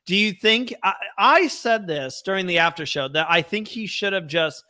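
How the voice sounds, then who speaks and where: A young man co-hosting a fan podcast, his voice high and bright. He sounds smooth and crisp, close and dry with no room sound. He chats casually and with energy. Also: moderate pace, few pauses, no room sound. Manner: animated, reads chat comments aloud. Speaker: podcast co-host. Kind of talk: casual chat.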